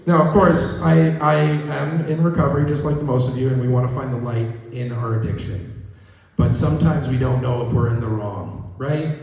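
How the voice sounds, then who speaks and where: A man in his thirties doing a stand-up comedy set in a small room, talking in a halting, self-deprecating way with many restarts. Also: mid-range voice, fairly even intonation, a little mellow. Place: small room with a live audience. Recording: echoey room recording. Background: audience laughter.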